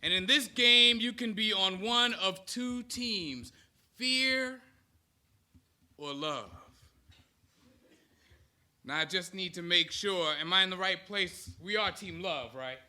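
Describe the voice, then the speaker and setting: A man's voice: high-pitched, lively intonation, slow pace, pauses often, bright, forceful tone. A man in his thirties giving a motivational speech to an audience, rousing them with call-and-response chants. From United States. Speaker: speaker.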